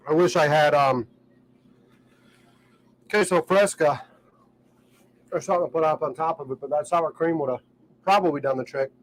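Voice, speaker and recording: A man with a drawl talks in a loose, easygoing vlog ramble, full of ums and restarts. His voice sits a little higher than most men's. He is recording outdoors on a boat at a dock. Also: rough recording. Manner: relaxed, rambling, with many fillers. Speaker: vlogger. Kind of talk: casual vlog talk.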